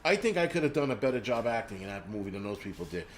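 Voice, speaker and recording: A man's voice: lowish voice, very animated, racing, a little hiss or hum. A man hosting a live stream, ranting casually and profanely with lots of fillers.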